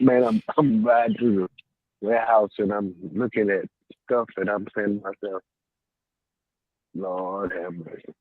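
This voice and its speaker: A man calling in to a morning radio talk show, chatting in an animated way, laughing often and crying out to the Lord. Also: lowish voice, normal speed, no room sound. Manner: animated, laughing, preacherly exclamations. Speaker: caller. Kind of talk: casual call-in talk. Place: warehouse. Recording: phone line.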